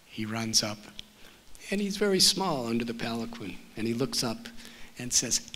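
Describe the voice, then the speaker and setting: Slow gentle-voiced storytelling man. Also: mid-range voice, lively intonation. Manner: slow, gentle storytelling with soft dropped phrase endings. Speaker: spiritual teacher. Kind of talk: storytelling talk. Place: public library auditorium.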